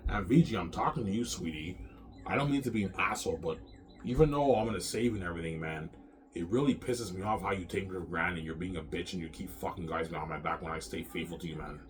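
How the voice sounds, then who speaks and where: A man in his thirties vents in a rambling vlog, his voice sitting very low. He sounds angry and profane, circles back over the same points, and restarts sentences. A faint hiss of noise sits under him. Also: quick pace. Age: 30s. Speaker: vlogger. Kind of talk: rambling personal rant to camera.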